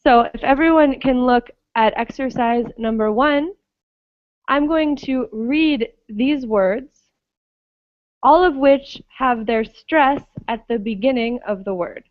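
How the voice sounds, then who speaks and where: A woman's voice: a little high, dry recording, lo-fi sound. A woman teaching an online English pronunciation class, patiently checking that students follow. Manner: slow, patient, checks understanding often.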